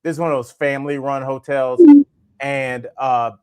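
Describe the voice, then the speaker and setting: Co-hosting a comedy podcast, a forties-aged man spins a wandering, animated anecdote loaded with fillers. He has a medium-pitched, clean-toned voice and a moderate pace. Studio quality with no room sound.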